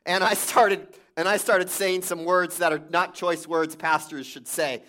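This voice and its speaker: A man's voice: high voice, steady tone, unhurried, pushed and bright. Man preaching a conversational sermon. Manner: conversational storytelling with many restarts. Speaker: pastor.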